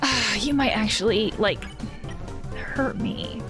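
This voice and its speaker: A woman who works as a counselor, giving casual commentary while playing a game, with quick exclamations and thoughtful asides. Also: fairly high pitch. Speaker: counselor playing video games. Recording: game music under voice. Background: game music.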